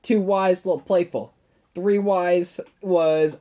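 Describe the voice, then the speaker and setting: A man's voice: sits high, fairly even intonation, a little slow, warm tone. A young man co-hosting a podcast, chatting casually and telling rambling, playful stories with acted-out dialogue. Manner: rambling, playful storyteller, acts out quoted dialogue. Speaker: podcast co-host. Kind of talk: casual chat.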